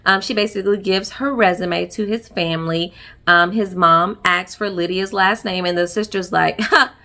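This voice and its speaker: A woman's voice: fairly low pitch, fairly even intonation, moderate pace, sharp tone. A woman giving a sassy, chatty recap of a reality show episode, laughing often. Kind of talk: casual recap commentary.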